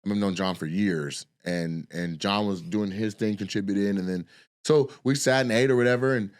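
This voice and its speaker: A man's voice: lowish voice, moderate pace. A man in his forties, a comedian and podcast host, telling a long, loose and profane story in a casual way. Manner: profane, loose and rambling, acts out the people he quotes.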